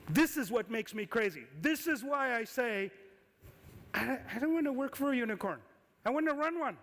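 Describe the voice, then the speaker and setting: A man giving a conference talk as an investor, lively and firing questions at the audience. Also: very high voice. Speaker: conference speaker, angel investor. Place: conference hall. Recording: reverberant hall.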